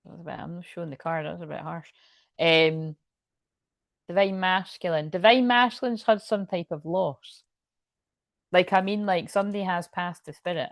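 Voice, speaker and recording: A woman's voice: lowish voice, moderate pace, gravelly, no room sound. A woman with a Scottish accent giving a rambling, chatty tarot reading, swearing freely and laughing often. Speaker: tarot reader. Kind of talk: casual tarot reading to camera.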